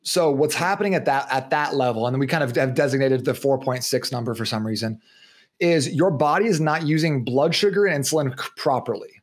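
A man in his thirties, a fitness and nutrition guest on a podcast interview, explaining things in an animated way and acting out the voices he quotes. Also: medium pitch, fairly quick.

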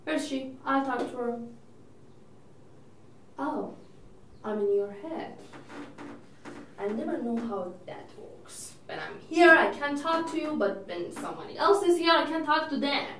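Actress as a fretful, self-absorbed divorced sister; fairly high voice, faint room noise, distant mic. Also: female voice, expressive, a little slow, pauses often, fairly bright tone, reverberant. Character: chatty divorced older sister, neurotic and doting. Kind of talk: audition monologue.

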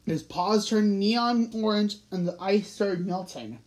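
A woman's voice: mid-range voice, unhurried, a little mellow, rough recording. Woman, amateur story reader, frequent restarts, self-correcting. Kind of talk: reading a fan story aloud.

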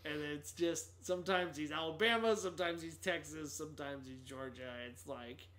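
Male co-host, deadpan sarcasm, easygoing casual chat, voice sits a bit high. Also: moderate pace. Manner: dry, sarcastic quips. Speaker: podcast co-host. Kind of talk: casual film review chat.

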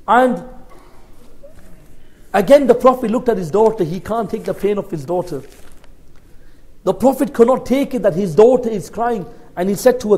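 A man preaching in English, telling a story with Arabic honorifics woven in, his voice dropping soft at tender moments. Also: high voice, expressive, normal speed, long pauses. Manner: storytelling with varying loudness, softening in tender moments. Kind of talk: sermon.

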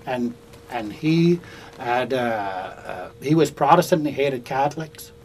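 An older Canadian storyteller speaking at a middle pitch in a relaxed, chatty way, pausing and restarting as he goes. He sounds like he is talking to a small group indoors, with a faint hiss under his voice. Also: low-quality recording. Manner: conversational, folksy, with fillers and restarts. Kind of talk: oral storytelling to a small audience. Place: indoors in a bookstore.

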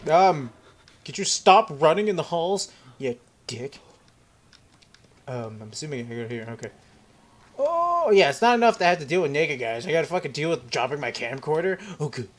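A man's voice: a little high, expressive, fairly quick. A young man giving let's play commentary on a horror game, rambling and joking to himself. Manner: jokey, rambling self-talk. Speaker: gaming commentator.

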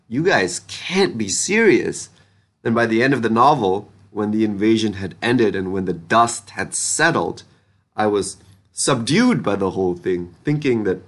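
A young adult man giving a casual, enthusiastic book review, talking in a loose, slangy way. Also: on the low side.

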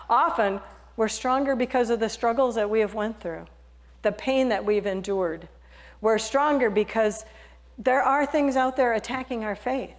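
A woman pastor giving a sermon, earnest and conversational, telling a story with frequent restarts. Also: fairly high pitch.

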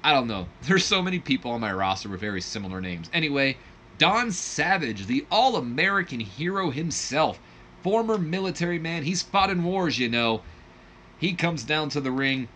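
A man's voice: fairly high pitch, sing-song, normal speed, sharp tone, slight background noise. A man narrating a wrestling sim in a rambling, self-correcting way, laughing at his own slips. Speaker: game commentator. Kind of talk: let's play narration.

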